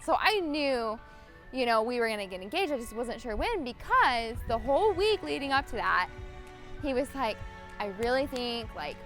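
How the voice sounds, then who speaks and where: A woman's voice: fairly high pitch, expressive, normal speed, fairly bright tone, faint music behind. Bubbly young woman, giggling. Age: young adult. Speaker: bride-to-be. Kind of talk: wedding video interview.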